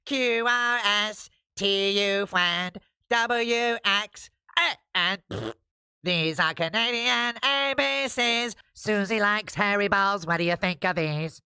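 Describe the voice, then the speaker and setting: A woman's voice: medium pitch, takes it slowly, sharp tone, smooth, dry recording. A woman voicing a cheerful cartoon Canadian who sings a silly alphabet in a goofy, sing-song way. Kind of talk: cartoon clip played on stream.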